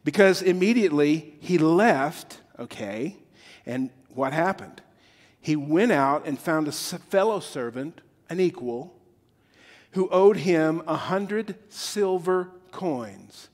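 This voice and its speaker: A man preaching a sermon, telling a story with quick asides and acted-out quotes. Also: a little high, expressive. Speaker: pastor. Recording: long reverb of a large hall.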